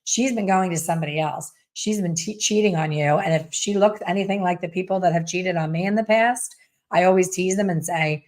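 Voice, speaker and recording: Speaking a little fast in a low, darkish voice with a steady tone, a middle-aged woman who owns a salon and teaches hair color coaches other stylists casually. Her advice is frank and chatty, and she imitates what people say.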